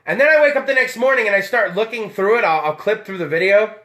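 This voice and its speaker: Man, show host, rowdy, tipsy, profane, bright tense voice. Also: sits high, fast talker. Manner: rowdy, tipsy, swears a lot. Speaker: podcast host. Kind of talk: loose profane live-stream chat.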